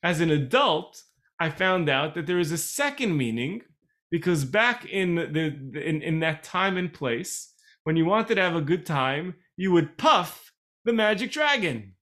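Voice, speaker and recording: A man with a fairly high voice leads an online Torah class over a video call. He explains each idea patiently, repeats key phrases for emphasis and drops in chatty asides. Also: expressive, measured pace, fairly bright tone. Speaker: Torah teacher.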